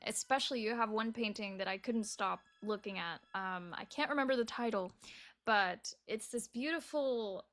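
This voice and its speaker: Woman host, mid-pitched, effusive and enthusiastic interviewer. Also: fairly bright tone. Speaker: podcast host. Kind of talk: casual interview.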